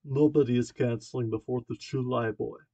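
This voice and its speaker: A man voicing a stern old grandfather with a Slavic accent, blunt and gruff. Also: mid-range voice, steady tone, normal speed, warm tone, dry recording, natural voice.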